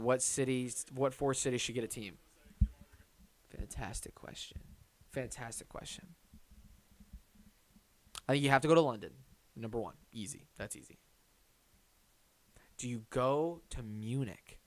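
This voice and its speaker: Excitable man chatting on a live stream. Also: mid-range voice, moderate pace, long pauses. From Detroit area. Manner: excitable, talks to chat and his pet, swings from loud to muttering. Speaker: streamer hosting a draft watch party. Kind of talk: casual live-stream chat, reading comments.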